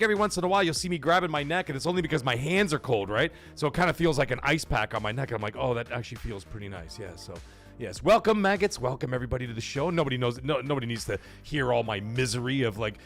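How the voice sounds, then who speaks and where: A middle-aged man hosting a live gaming stream, shouting hype and joking shout-outs to his chat. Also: mid-range voice, quick pace, faint music behind.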